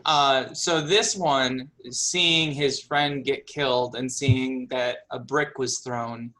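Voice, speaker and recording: A man narrating a tabletop game as game master, unhurried and full of fillers. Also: medium pitch, steady tone, pushed and bright, low-quality recording.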